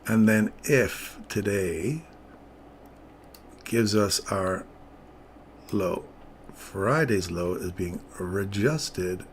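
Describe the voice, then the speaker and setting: A man's voice: on the low side, drawn-out words, pauses often, slight background noise. A man giving casual live commentary on his market trades, chatting with viewers as he works through the charts. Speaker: trading streamer.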